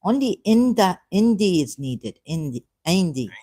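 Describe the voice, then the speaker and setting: A woman on a live stream, thinking aloud in a halting, hesitant way and correcting herself as she goes. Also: fairly low pitch, sing-song, warm tone, no room sound.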